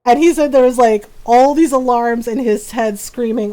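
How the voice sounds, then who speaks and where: A woman streamer chatting casually, telling a family story with lively animation and frequent laughter. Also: on the high side, moderate pace, rough recording. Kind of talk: casual chat.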